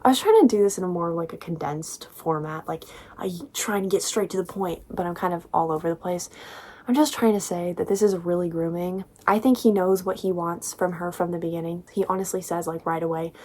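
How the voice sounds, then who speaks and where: A woman's voice: on the low side, brisk, mellow. Chatty young woman reviewing a book. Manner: chatty, exasperated and critical, many "like" fillers. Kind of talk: casual book commentary.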